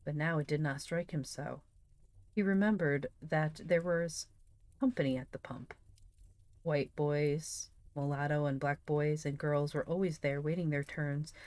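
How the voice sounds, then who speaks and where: A woman narrates a classic novel on a live stream in a steady, measured way, now and then chatting to viewers. Her voice is low and sits dry and close to the mic, with no room sound. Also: no echo.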